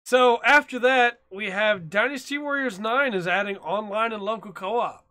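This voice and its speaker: Bright-voiced young man, laughing a lot. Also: high voice, normal speed. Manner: laughs often, animated storytelling. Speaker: podcast co-host. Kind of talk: casual chat.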